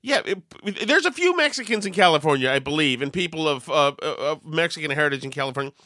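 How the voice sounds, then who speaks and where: A man hosting a political talk show, sarcastic and mocking, with quick asides and laughs. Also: fairly high pitch, expressive, sharp tone, dry recording, clean studio sound. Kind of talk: casual commentary.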